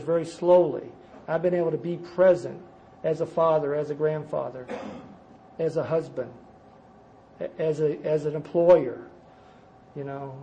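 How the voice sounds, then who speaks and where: An older man giving a personal recovery testimony at a conference, telling his story emphatically, jumping from loud bursts to quiet asides. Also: on the high side, slight background noise, rough recording. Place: conference gathering before a live audience.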